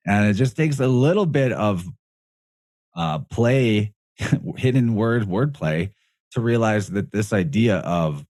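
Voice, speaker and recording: Low-voiced man, rambling podcast guest. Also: animated, slow pace, long pauses, darkish tone, no room sound, studio quality. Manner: rambling, self-correcting, laughs often mid-sentence. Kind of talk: casual podcast conversation.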